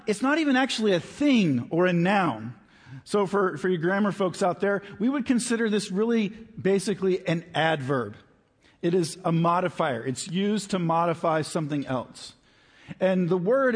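Male pastor, sermon delivery, husky tone, emphatic and conversational, long church reverb. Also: high voice. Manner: conversational, emphatic, stretches key words slowly. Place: church sanctuary.

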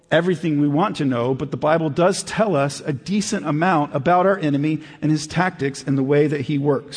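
Pastor guy preaching casual-like, bit high voice, long hall reverb, gets low n quiet to make a point. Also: slightly rough. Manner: conversational preaching, dropping low and quiet for emphasis. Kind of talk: sermon.

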